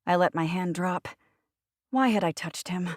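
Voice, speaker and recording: A woman giving a wry, brisk first-person audiobook narration. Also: lowish voice, no echo, clean studio sound.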